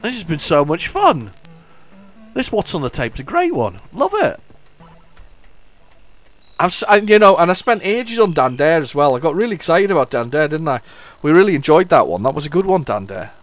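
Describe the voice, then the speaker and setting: Here a retro gaming video host speaks on the high side, with big pitch swings and a slightly fast pace, and there's no room sound. He gives casual, excited commentary on an old computer game, rambling, restarting sentences and humming the tunes over faint retro game music.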